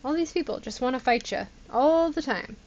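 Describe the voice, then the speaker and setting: A woman streams a game live and chats through it, sliding into exasperated, laughing disbelief. Her voice sits a bit high. The audio is slightly dull and lo-fi. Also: animated, normal speed, a little mellow. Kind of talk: casual live gameplay commentary.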